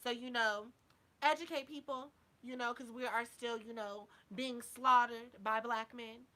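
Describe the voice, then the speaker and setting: A woman's voice: on the high side, steady tone, unhurried, pushed and bright. A woman vlogger talking casually to her viewers, sassy and blunt with heavy swearing, a little drunk. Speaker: YouTube vlogger. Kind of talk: casual live chat to viewers.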